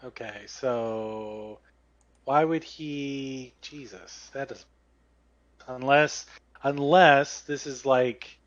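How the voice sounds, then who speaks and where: A man's voice: medium pitch, steady tone, extremely slow, no echo, muffled recording. A man playing a tabletop game, thinking aloud with hesitation. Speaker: player.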